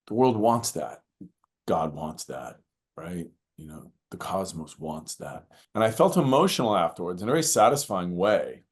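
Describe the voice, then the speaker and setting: Male guest, fairly low voice, earnest storyteller who breaks into acted-out exclamations. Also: moderate pace. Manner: animated, acts out shouted quotes, many "you know" fillers. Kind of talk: reflective storytelling in conversation.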